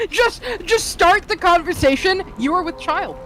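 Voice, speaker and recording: A woman's voice: extremely high pitch, animated, unhurried, a bit bright, slight background noise. A woman co-streaming a video game, teasing and laughing often in casual banter. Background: game music.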